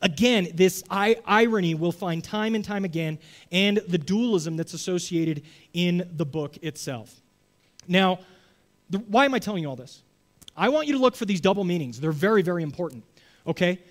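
A man's voice: sits high, animated, moderate pace. A man giving a sermon in a conversational way, often checking in with his listeners and acting out short voices. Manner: conversational, acts out voices, frequent "right?". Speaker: preacher.

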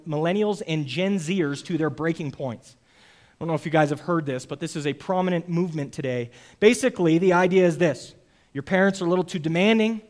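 High-voiced man preaching a sermon. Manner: earnest, emphatic preaching with rhetorical asides. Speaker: pastor.

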